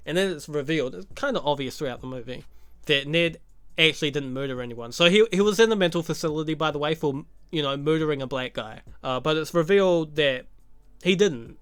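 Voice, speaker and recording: A man's voice: on the high side, a little fast, fairly bright tone, smooth, no room sound. A man giving a casual, profane recap of a movie, full of sarcastic jokes and laughing asides. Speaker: YouTube movie commentator.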